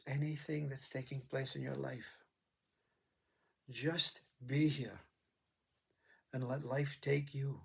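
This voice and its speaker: Husky man giving a halting spiritual talk. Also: fairly high pitch, warm tone. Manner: halting, reflective, repeats words. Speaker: spiritual speaker. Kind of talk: spiritual monologue.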